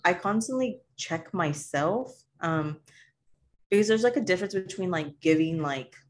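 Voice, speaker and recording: A woman's voice: on the low side, expressive, moderate pace, slight background noise. A young woman co-hosting a podcast, talking frankly with laughs and swearing. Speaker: podcast co-host. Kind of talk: casual chat.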